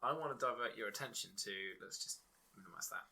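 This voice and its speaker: A man co-hosting a casual podcast, swearing often and laughing through animated banter. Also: medium pitch, fast talker, vocal fry, husky. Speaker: podcast co-host.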